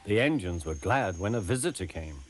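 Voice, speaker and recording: A man narrating a children's cartoon in a gentle, expressive storybook style. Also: sits low, normal speed. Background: music.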